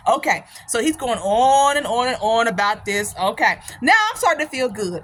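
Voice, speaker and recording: A woman's voice: sits high, lively intonation, moderate pace, hardly any pauses, sharp tone, slight background noise. A woman host telling a personal story in a casual, emphatic way, laughing often. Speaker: channel host.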